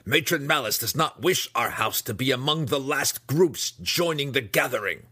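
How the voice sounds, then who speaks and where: A man's voice: mid-range voice, lively intonation, normal speed, bright, forceful tone, slightly rough, dry recording, voice pushed up. A man voicing a commanding female drow noblewoman who scolds urgently, in an audiobook reading. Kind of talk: audiobook character voice.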